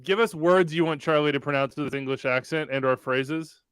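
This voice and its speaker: Crisp, dry-voiced male watch-along host. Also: a little high, a little fast, a bit bright, dry recording. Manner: calls the play and reads out the chat. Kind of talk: live watch-along commentary.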